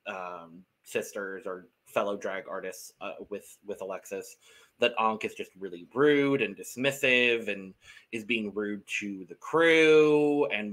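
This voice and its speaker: Casting note: man, podcast co-host, bright tense voice, easygoing recap delivery. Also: fairly low pitch. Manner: leads the recap, laid-back and wry. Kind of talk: casual reality-show recap chat.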